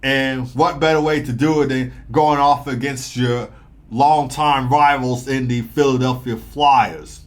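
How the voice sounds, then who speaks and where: Fast-talking young man recapping hockey. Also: mid-range voice. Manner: fast, rambling, excitable with fillers. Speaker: sports commentator.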